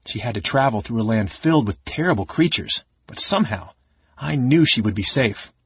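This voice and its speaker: A man's voice: mid-range voice, expressive, moderate pace, fairly bright tone, breathy edge, no echo, dull audio, exaggerated voice. A man voicing an earnest young kender. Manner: earnest and remorseful. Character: cheerful young male kender, earnest storyteller.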